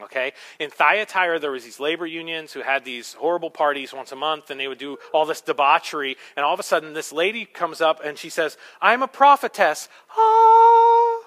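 A man's voice: on the high side, bright, forceful tone. A male pastor preaching a sermon, emphatic, with rhetorical questions and humorous asides.

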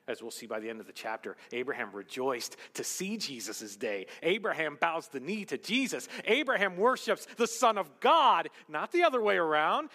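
A man preaching a sermon as pastor, swinging between loud emphasis and hushed asides. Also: on the high side, sing-song, moderate pace, few pauses. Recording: long hall reverb.

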